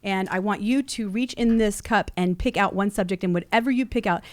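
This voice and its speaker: A middle-aged woman hosts a casual podcast in a playful, teasing way, firing off quiz questions. Her voice sits at a medium pitch, and the recording is dry with little room sound. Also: brisk, dry recording. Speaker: podcast host and company owner.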